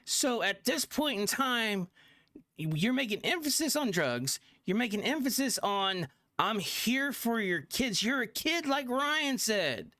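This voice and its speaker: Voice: mid-range voice, very animated, unhurried, bright, forceful tone, no room sound, studio quality. A reaction channel host giving casual commentary, frustrated and repeating pointed questions.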